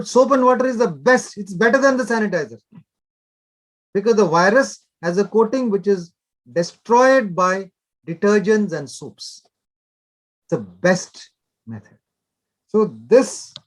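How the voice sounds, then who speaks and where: An older man, a doctor explaining in an interview with short, instructive directives. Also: sits high.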